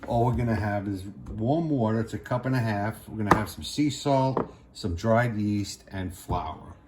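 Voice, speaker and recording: A middle-aged man with a Brooklyn accent, hosting a casual cooking demonstration in a relaxed, plainspoken way. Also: fairly low pitch, normal speed. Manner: relaxed, plainspoken, repeats "real simple". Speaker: cooking show host. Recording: noisy kitchen recording.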